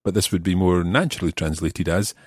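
A Scottish man hosting a language lesson podcast, explaining grammar in a clear, methodical way and repeating examples slowly. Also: low voice, a little mellow, no echo, studio quality. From Scotland. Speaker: language teacher host.

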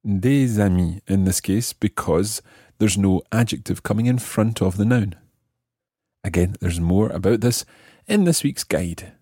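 A man hosting a language podcast, explaining phrases patiently and slowing down to model them. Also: fairly low pitch, warm tone, breathy edge, dry recording, studio quality. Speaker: language teacher and podcast host. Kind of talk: explanatory lesson narration.

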